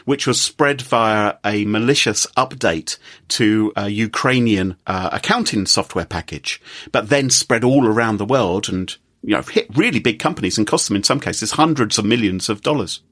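A man hosting a casual tech-news podcast, speaking in a measured way and prompting with questions. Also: lowish voice, fairly bright tone. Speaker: podcast host.

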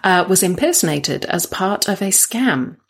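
A woman's voice: medium pitch, big pitch swings, a little slow, slightly rough. A woman guesting on a podcast, explaining a story in casual chat and laughing often.

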